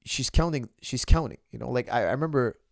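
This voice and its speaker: Gravelly-voiced man coach talking to viewers. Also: mid-range voice, brisk, no room sound, studio quality. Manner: opinionated, addresses viewers as "guys", restarts often. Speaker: martial arts coach. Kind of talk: casual monologue to viewers.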